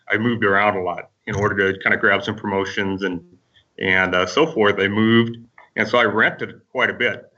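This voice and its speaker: A man from Minnesota, a podcast guest, telling his story in a relaxed, rambling way with lots of fillers. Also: fairly low pitch, recorded from a distance, dull audio.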